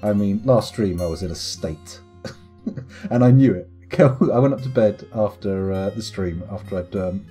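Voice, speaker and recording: A man's voice: on the low side, measured pace, warm tone, soft background music. A young British man streaming a game, rambling and joking at his own expense in casual commentary. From United Kingdom. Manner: rambling, self-mocking, joking. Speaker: live streamer.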